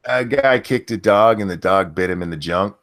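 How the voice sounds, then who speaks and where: A podcast host with a lowish voice speaks at a moderate pace on a casual livestream. He reads news items aloud and reacts to them in an animated, blunt way, swearing freely.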